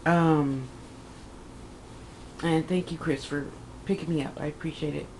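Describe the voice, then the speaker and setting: This unhurried vlogger, a woman in her fifties with a lowish voice, chats her way through a personal tale that keeps veering off course and getting self-corrected. When she repeats what she said to others, she plays it out with lively energy. A faint hiss runs beneath the audio.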